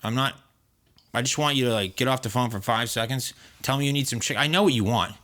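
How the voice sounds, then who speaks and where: A man co-hosting a podcast, telling a workplace story in casual, profane, animated chat. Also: mid-range voice. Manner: profane, animated retelling with quoted voices; fast, rambling with fillers. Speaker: podcast co-host.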